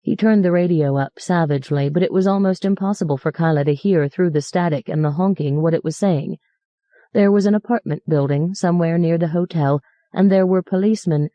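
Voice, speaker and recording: A woman reads a story aloud in a measured, even way. Her voice is low and mellow, recorded dry and close with no room sound. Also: no echo, highs cut off. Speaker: audiobook narrator. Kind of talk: scripted narration.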